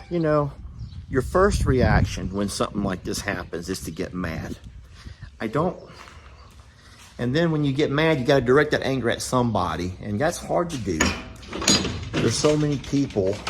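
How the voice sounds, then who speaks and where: Low-voiced folksy man. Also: slight background noise. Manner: folksy, drawn-out, slow emphasis. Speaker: animal sanctuary owner and vlogger. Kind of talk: casual vlog talk to viewers. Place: outdoors on a farm.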